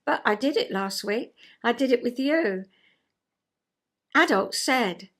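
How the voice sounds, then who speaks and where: A woman's voice: a little high, lively intonation, slow, long pauses, fairly bright tone. An older woman vlogger with a chatty, self-mocking manner, reading a rhyming poem and then talking about herself.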